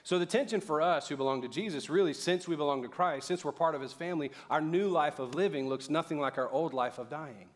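A middle-aged male pastor preaching a sermon in a lively, conversational way, calling on the audience to respond. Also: on the high side, fast, few pauses. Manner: casual, conversational asides.

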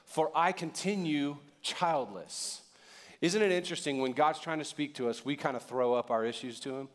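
A man's voice: mid-range voice, quick pace. A man preaching a sermon as pastor, talking in a conversational way and putting questions to the congregation.

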